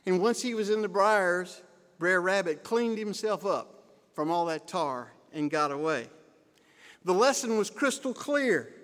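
An older man with a fairly high voice delivers a sermon in a church, spinning folksy, gently humorous stories. His words ring out with a long reverb that fills the large hall around him. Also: expressive, a little slow.

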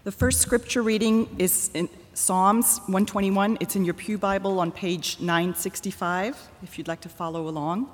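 A person reading scripture aloud to a congregation in a steady, measured way. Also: medium pitch. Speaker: scripture reader. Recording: echoey church hall.

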